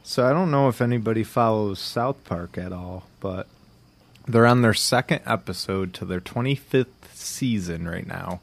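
A man's voice: on the low side, moderate pace, gravelly, a little hiss or hum. Laid-back man in casual chat. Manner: profane, laughing, acts out quotes. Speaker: podcast co-host.

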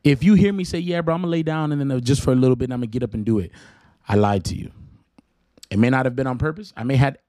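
A man's voice: medium pitch, creaky, darkish tone, no echo. A man with a Southern US accent, hosting a casual faith podcast, joking and rambling as he corrects himself. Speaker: podcast host.

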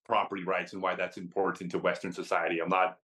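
A man who is a podcast guest and tells chatty, animated stories with frequent restarts. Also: low-pitched, quick pace. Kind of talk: casual storytelling.

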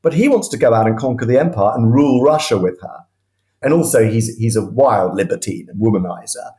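A man telling history as an animated, enthusiastic storyteller, often restarting his sentences. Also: mid-range voice, a little fast, roomy sound. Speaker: historian guest.

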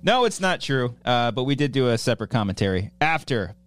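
A man's voice: mid-range voice, brisk. A man co-hosting a podcast, joking and acting out bits in casual chat. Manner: animated, jokey, acting out bits. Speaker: podcast co-host.

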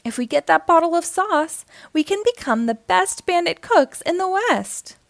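A woman's voice: very high-pitched, animated, moderate pace, gravelly, no echo, voice pushed up, exaggerated voice. A woman voicing a scheming male bandit in a children's storybook.

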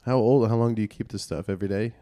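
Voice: mid-range voice, mellow. A podcast host asking questions and teasing in casual chat. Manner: teasing, quick to joke and laugh.

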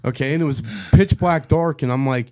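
A man's voice: mid-range voice, a little fast, darkish tone. Crude, joking drunk male podcast host. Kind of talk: casual drunken chat.

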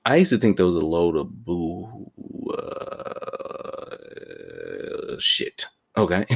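A man's voice: low-pitched, extremely slow, pauses often, slightly rough. A man talking in a slang-heavy, rambling and self-mocking casual monologue as a podcast host.

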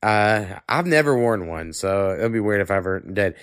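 Man, podcast host, congested, casual rambling chat, swears a lot, fairly low voice, dry close sound. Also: lively intonation, normal speed, a bit bright, smooth, no echo. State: congested with a cold.

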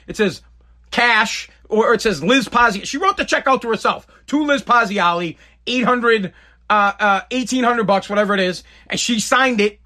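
A man telling a personal story in a blunt, profane, animated way. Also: high voice.

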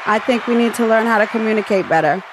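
A woman's voice: fairly high pitch, fast, background noise. A woman co-hosting a casual podcast, giving brief, agreeable answers with some hesitant fillers. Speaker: podcast co-host.

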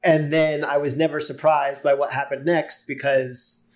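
A man's voice: on the high side, flat delivery, a little slow. A man speaking as a podcast guest, easygoing and talkative, telling stories with many filler words. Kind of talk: casual conversational storytelling.

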